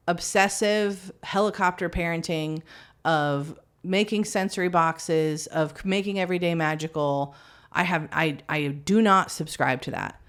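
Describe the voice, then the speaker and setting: A woman in her thirties, a guest and mother of three, talking candidly and animatedly in a podcast conversation and poking fun at herself. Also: clean tone. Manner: animated, candid, self-mocking storyteller with big pitch swings.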